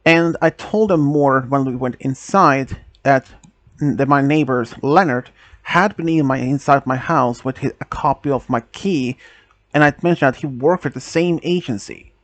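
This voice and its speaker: A man casually narrating a first-person story, halting and restarting often, with non-native phrasing. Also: mid-range voice, no room sound.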